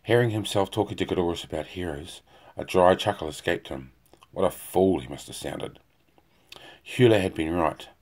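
Deep-voiced man narrating a fantasy novel. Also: normal speed, a little mellow. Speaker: audiobook narrator. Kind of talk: fan reading of a fantasy novel.

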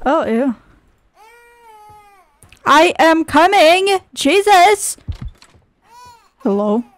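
In this let's-play clip, a young female gaming host swears, snarks and exclaims often while playing. She speaks with a very high, sing-song voice at a very slow pace, and there's no room sound.

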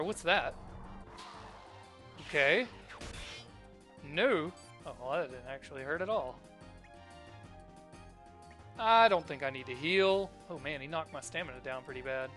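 A man's voice: on the high side, bright, forceful tone. A man hosting a let's play, thinking aloud and easily delighted as he plays. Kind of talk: casual gameplay commentary.

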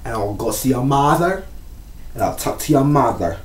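A man voicing a sassy, bossy young woman who loudly scolds and keeps asking "okay?". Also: mid-range voice, lively intonation, normal speed, slight background noise, close to an everyday voice. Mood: sassy scolding. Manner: loud, scolding, repeats "okay?". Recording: echoey room, mic at a distance, faint music.

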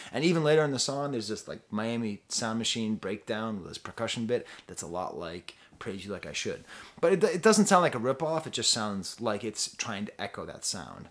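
A man reviews an album casually, his voice a bit bright with big pitch swings at normal speed. He rambles, interrupts himself and trails off while thinking aloud, now and then singing snippets in falsetto.

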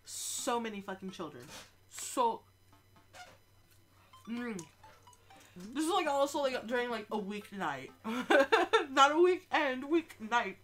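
A woman's voice: fairly high pitch, slow, long pauses. A sick, stuffed-up young woman streaming a game live, joking and swearing as she talks. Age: young adult. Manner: animated, joking, swears a lot. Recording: faint game music behind.

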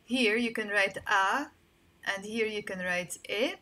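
A woman's voice: medium pitch, unhurried, pushed and bright. A woman with a Lebanese accent teaching a casual online language lesson, explaining patiently and repeating words for practice.

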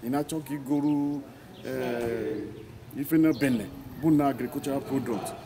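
A man explaining a community training program in an unhurried manner, mixing Igbo with English. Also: medium pitch, a crowd in the background. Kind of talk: community speech.

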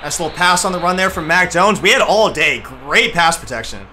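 Casting: young male gaming YouTuber, high, very bright voice, hypes up every big play, light background noise. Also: a little fast. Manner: excitable, trash-talking, shouts at big plays. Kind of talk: gameplay commentary.

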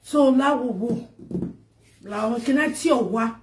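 High-pitched Nigerian woman scolding, echoey. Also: a little slow. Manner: emphatic, scolding, repetitive. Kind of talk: direct-to-camera rant. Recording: echoey room.

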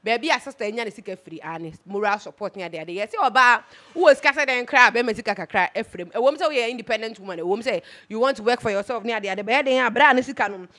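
A Ghanaian woman hosts a casual chat about celebrity gossip, mixing Twi and English with plenty of emphasis. Her voice is a little high and fairly bright. She talks quickly with few pauses, keeping an easy, chatty flow.

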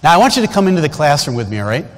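A man's voice: fairly high pitch, very animated, rapid-fire. A man in his fifties preaching a storytelling sermon, folksy and conversational, with frequent asides to the congregation. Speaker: guest preacher. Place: large church sanctuary. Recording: long church hall reverb.

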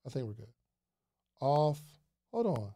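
A man hosting a casual livestream about podcasting, excitable and chatty, often repeating his phrases to the viewers. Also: mid-range voice, unhurried. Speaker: podcast host giving advice.

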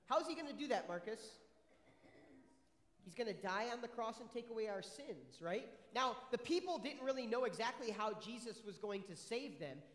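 A man's voice: extremely high pitch, a bit bright. A male pastor giving a friendly children's sermon, asking the kids one question after another in an upbeat way. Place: church sanctuary. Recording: echoey church hall with long reverb.

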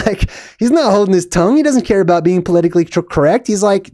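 A man's voice: high voice, animated, fairly quick, hardly any pauses, warm tone, no room sound, clean studio sound. A man hosting his own video, talking through a film in a rambling, emphatic way with frequent fillers and short laughs. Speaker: video host. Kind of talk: casual monologue.

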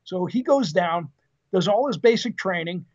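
A man in his fifties tells his stories in a lively, casual way, with plenty of fillers and laughs. His voice sits high for a man. The podcast audio is dull and lo-fi. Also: moderate pace. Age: 50s. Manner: lively anecdotal storyteller, frequent fillers and laughs. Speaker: podcast guest, retired Marine officer. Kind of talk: casual interview storytelling.

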